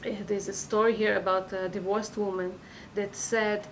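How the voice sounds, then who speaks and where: A woman's voice: mid-range voice, flat delivery, normal speed, noisy background. A woman giving an informal weekly religious class, earnest and advising, with many fillers and restarts.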